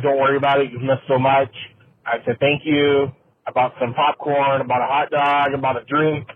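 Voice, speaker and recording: A man from Mississippi, telling an anecdote as a caller and acting out the quotes in it. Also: on the high side. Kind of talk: storytelling anecdote. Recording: tinny phone line with faint noise.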